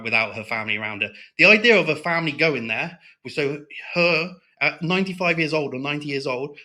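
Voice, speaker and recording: A man's voice: mid-range voice, pushed and bright. A man talking as a guest in a casual interview, heated and blunt, swearing often and tagging lines with "right?".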